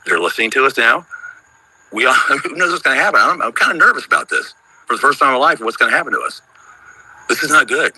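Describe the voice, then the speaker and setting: A man's voice: medium pitch, fast talker, pushed and bright, husky, no room sound, low-quality recording. A man in his fifties calling into a live audio chat, talking in a worried, rambling, emphatic way. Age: 50s. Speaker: caller on a live audio room. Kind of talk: casual chat.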